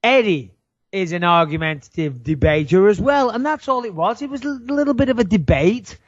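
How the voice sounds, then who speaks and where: A man's voice: sits high, lively intonation, fairly quick, no room sound, lo-fi sound. A British man co-hosting a podcast in casual chat, a rambling, laughing storyteller who admits to being argumentative. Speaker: podcast co-host.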